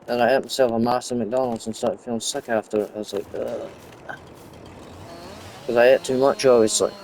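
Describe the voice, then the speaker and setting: A man's voice: mid-range voice, steady tone, quick pace, darkish tone, a little hiss or hum. A young man giving casual, rambling commentary while playing a farming game, often drifting off topic. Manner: rambling, chatty, goes off topic. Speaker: gaming YouTuber.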